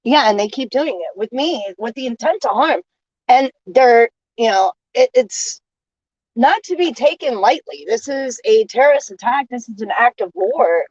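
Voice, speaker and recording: A woman vlogging a casual monologue, airing grievances in an indignant rant that stops and restarts in halting pauses. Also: fairly high pitch, lively intonation, a little mellow, no room sound, dull audio.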